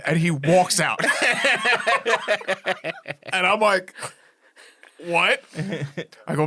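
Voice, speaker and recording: A man's voice: fairly high pitch, slow, long pauses. A man on a podcast telling a funny story in casual chat, laughing as he goes. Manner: animated, laughs through his story. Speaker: podcast co-host.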